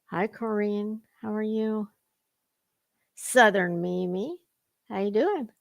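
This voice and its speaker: Woman streamer, slow and gravelly, dry close sound, salty chat host. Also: mid-range voice, no room sound, dull audio. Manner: salty, chatty, drawling, with cusswords. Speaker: livestream host. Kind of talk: casual livestream chat, greeting viewers.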